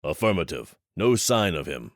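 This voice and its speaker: A man's voice: rumbling low, sing-song, normal speed, dry recording, clean studio sound. A man voicing a growling Finnish mercenary boss. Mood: terse. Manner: clipped, growling military radio talk. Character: hulking furious Finnish male mercenary leader.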